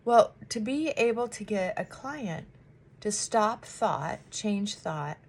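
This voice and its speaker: A woman therapist chatting casually while doing her makeup, animated and acting out her clients' voices. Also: medium pitch, slow, gravelly.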